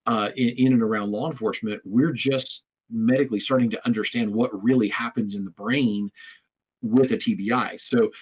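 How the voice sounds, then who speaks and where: Husky male podcast host telling stories. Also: mid-range voice, fairly even intonation, normal speed, low-quality recording. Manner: storytelling, frequent restarts and repeated words. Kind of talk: conversational interview.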